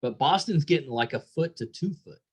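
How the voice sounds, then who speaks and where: Husky middle-aged guy hosting a pod, bouncy pitch, jokey. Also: lively intonation, a little fast. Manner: easygoing, jokey. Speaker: podcast host. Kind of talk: casual interview chat.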